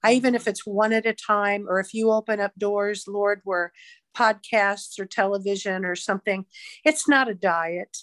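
A woman's voice: mid-range voice, fairly even intonation, moderate pace, fairly bright tone, dry recording. A woman evangelist, a podcast guest, leading a fervent, rhythmic spoken prayer. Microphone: podcast mic.

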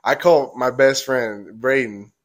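A man's voice: medium pitch, takes it slowly. A young man, a podcast host, telling a story casually with many "like"s and acted quotes. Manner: rambling, many "like"s, acts out quotes.

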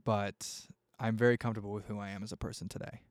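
A man's voice: on the low side, flat delivery, fast talker, no room sound. A young man hosting his own podcast, talking casually and heartfelt with lots of fillers and swearing. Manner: rambling, heartfelt, swears freely, many fillers. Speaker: podcast host. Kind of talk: casual solo podcast talk.

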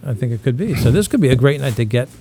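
A man's voice: mid-range voice, lively intonation, very fast, over music. A man in his fifties telling rambling, profane stories in casual podcast chat, slipping into impressions. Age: 50s. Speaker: podcast co-host.

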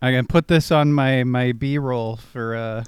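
A man's voice: mid-range voice, steady tone, measured pace, clear, resonant tone, no echo. A man co-hosting a podcast, joking wryly in casual movie chat. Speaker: podcast co-host.

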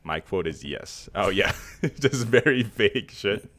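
A man's voice: fairly low pitch, sing-song, a little slow, a bit bright. A young man hosting a casual quiz game with friends, teasing them, laughing often and swearing casually. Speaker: podcast host running a quiz game. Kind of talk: casual chat.

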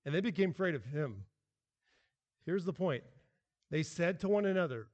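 Male pastor, sermon, lively emphatic delivery, fairly high voice. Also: moderate pace, long pauses, long reverb tail. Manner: animated, emphatic preaching with restarts.

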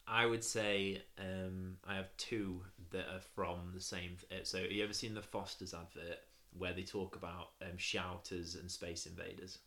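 A young man chatting casually on a podcast, laughing often and getting loud and animated when telling a story. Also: low-pitched, normal speed, hardly any pauses. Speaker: podcast co-host. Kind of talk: casual chat.

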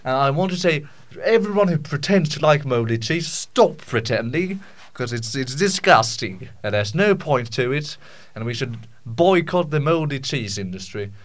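Brief: male podcast host, mid-pitched, casual comic rant, stumbles and restarts a lot. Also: fairly bright tone. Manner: rambling, with many restarts and stammered repeats; jokey, mock-indignant.

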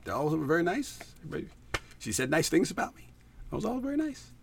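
A man co-hosting a chat show, telling a dating story in a casual way and acting out quotes with big jumps in pitch. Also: sing-song, fast, gravelly, a little hiss or hum. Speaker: podcast co-host.

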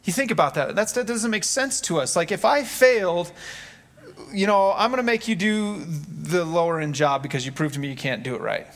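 A man's voice: high-pitched, animated, normal speed, vocal fry, a bit bright. A man preaching a sermon in an earnest, conversational way, acting out quotes from scripture. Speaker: pastor.

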